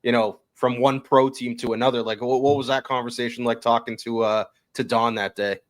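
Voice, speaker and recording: A man's voice: medium pitch, flat delivery, brisk. A man with a mid-range voice hosts a casual podcast interview. He asks long, loose questions padded with fillers and friendly asides. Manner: chatty, filler-heavy questions. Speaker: podcast host.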